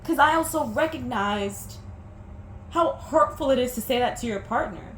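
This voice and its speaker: This young woman's voice sits high and animated, keeping a moderate pace while she tells her vlog audience about her breakup. She's emotional, teary and sniffling, and keeps tripping over words and beginning again. Echo and faint noise fill the room.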